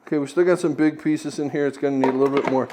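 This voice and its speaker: A man's voice: fairly high pitch, fairly even intonation, very fast, noisy background. A man hosting a casual cooking tutorial in a home kitchen, chatty and joking as he goes. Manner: jokey, chatty, self-deprecating asides. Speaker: cooking video host.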